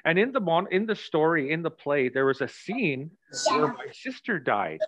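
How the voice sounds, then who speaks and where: A man's voice: fairly high pitch, sing-song, moderate pace, fairly bright tone. Muffled male acting coach on a call. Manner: reflective, storytelling explanations. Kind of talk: coaching actors in rehearsal.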